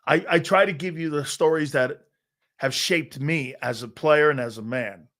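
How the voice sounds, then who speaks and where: Brash, higher-voiced man in his fifties. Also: normal speed, a bit bright. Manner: brash, boastful storytelling with lots of restarts and acted-out quotes. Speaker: sports talk show host. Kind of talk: casual sports talk storytelling.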